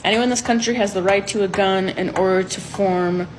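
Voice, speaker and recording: A woman playing a brisk, impatient founding leader. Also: medium pitch, fairly even intonation, noisy background, close to an everyday voice. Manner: brisk, chairing a meeting.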